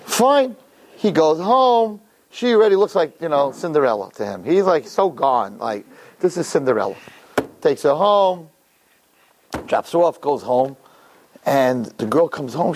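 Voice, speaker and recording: Rabbi guy preaching to boys, tells a jokey story, voice jumps all over, bit higher than most. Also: moderate pace, gravelly, slight background noise. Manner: animated, joking storyteller. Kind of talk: sermon with storytelling.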